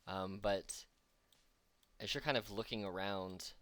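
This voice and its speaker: A man acting as game master, narrating a tabletop game slowly with many pauses and fillers. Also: on the low side, fairly even intonation, fairly bright tone, no echo. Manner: slow, halting narration with fillers.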